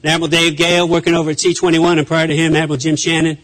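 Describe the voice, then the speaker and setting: Emphatic high-voiced naval officer speaking. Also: male voice, monotone, very fast, fairly bright tone, rough recording. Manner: emphatic, repetitive, with restarts. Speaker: naval officer giving a speech. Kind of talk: conference speech.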